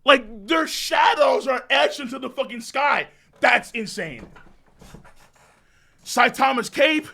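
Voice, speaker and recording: Excitable, profane man streamer, high and lively. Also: takes it slowly, creaky. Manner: excitable, profane, bursts into shouts. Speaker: streamer reacting to manga. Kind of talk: live reaction commentary.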